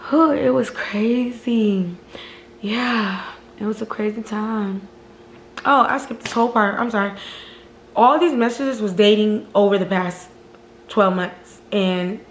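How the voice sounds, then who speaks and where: A woman's voice: mid-range voice, measured pace, slight background noise. Woman telling a storytime in a roomy echo. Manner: animated, profane, keeps addressing viewers as "y'all". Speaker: storytime vlogger. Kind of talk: casual storytime chat to viewers.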